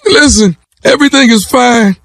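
A man's voice: extremely high pitch, moderate pace, vocal fry, a bit bright, no room sound. A man on a morning radio show making a prank call, brash and pushy, repeating himself. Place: radio studio. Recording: dry studio sound.

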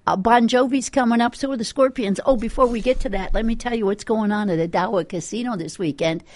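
A woman's voice: fairly high pitch, fast talker, a little mellow, no echo. A woman working as a rock radio DJ, chatting through weather and ads with lots of fillers. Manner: chatty, rambling, with many fillers. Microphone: studio microphone.

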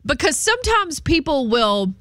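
A woman co-hosting a morning radio show, playful and quick to laugh, on a studio microphone. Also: sits high, big pitch swings, fairly bright tone, dry recording. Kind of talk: casual morning radio banter.

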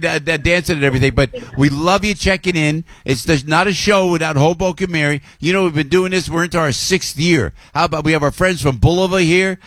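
A man's voice: a little high, dry recording. Effusive male radio host, dry sound. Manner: effusive, warm thanks, laughs often. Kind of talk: radio show hosting. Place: jazz club.

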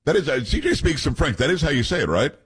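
A man's voice: fairly high pitch, very animated, fast, slightly rough. A man hosting a talk radio show, reading news aloud with blunt opinions and joking asides to his co-hosts.

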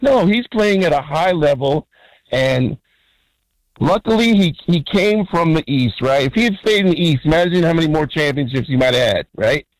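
Male radio caller, slightly high voice, dry sound, rambling, restarts often. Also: animated, normal speed, no echo, low-quality recording. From California. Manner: rambling, full of fillers and restarts, keeps asking "right?". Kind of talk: phone-in call.

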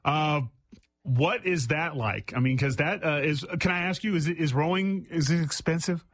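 A man's voice: fairly high pitch, normal speed, fairly bright tone. A male radio host asking stumbling, joking questions in a casual interview.

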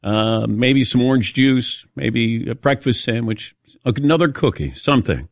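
Guy hosting sports talk, animated storytelling, doing little voices for quotes, dead dry studio. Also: medium pitch, a little slow, creaky, no room sound. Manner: lively self-mocking storytelling with voiced quotes. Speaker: sports talk show host. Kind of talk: casual on-air chat.

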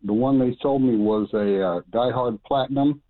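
A male caller comes through a thin, tinny phone line. He speaks at a medium pitch and stops often on uh while he works out his question. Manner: hesitant, many uh pauses. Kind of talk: call-in radio question.

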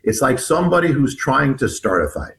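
A man, an author appearing as a guest, recounting a personal story in an interview, halting with frequent restarts and repeated words. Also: mid-range voice, sing-song, vocal fry, fairly bright tone, slight background noise, rough recording.

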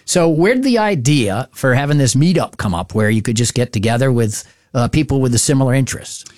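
A man hosting a morning radio talk show in a relaxed, chatty way. He moves easily from plans for the hour to questions for his guests. His voice sits in an ordinary middle pitch, dry and close to the microphone. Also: brisk, dry recording.

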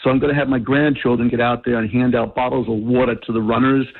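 Older male caller, New Jersey accent, gravelly voice, telephone-quality sound. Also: medium pitch, level tone, fast. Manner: friendly, storytelling, laughs easily. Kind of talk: casual phone call to radio. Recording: phone line.

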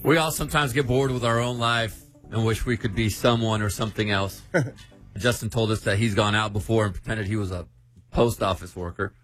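A man's voice: lowish voice, fairly even intonation, brisk, fairly bright tone, soft background music. Upbeat joking male radio host. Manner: jokey, upbeat. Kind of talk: morning radio banter.

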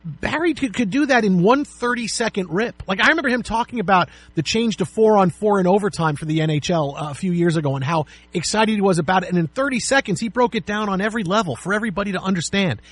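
A middle-aged man co-hosting a sports talk show, telling lively stories and acting out quotes in a casual way. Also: sits high, fast. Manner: animated storyteller, acts out quotes. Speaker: sports radio co-host.

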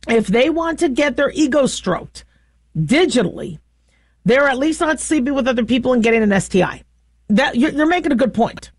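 A middle-aged woman hosting a casual commentary, talking in a chatty, animated way with frequent laughs and restarts. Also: high-pitched, moderate pace, slightly rough, no echo. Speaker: host.

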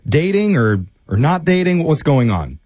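A male morning radio host with a lively, swinging voice, joking and teasing as he talks. His tone rises and falls a lot, and he keeps the banter moving. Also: fairly high pitch, normal speed, no room sound, studio quality.

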